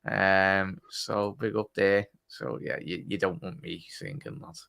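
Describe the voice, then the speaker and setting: Gravelly fan host. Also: male voice, sits low, a little slow, pushed and bright, no echo. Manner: chatty, teasing, reads out chat messages. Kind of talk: casual live-stream chat.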